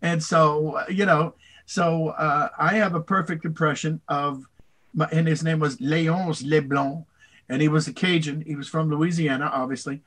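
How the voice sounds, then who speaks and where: An older man, a voice actor, answering interview questions in a rambling, animated way, slipping into voices. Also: a little high, normal speed. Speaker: voice actor guest.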